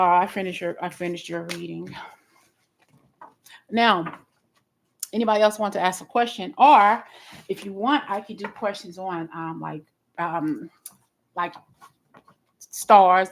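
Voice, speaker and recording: A woman giving a live tarot reading in a blunt, expressive way, often restarting her sentences. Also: fairly low pitch, vocal fry, poor audio. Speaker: tarot reader.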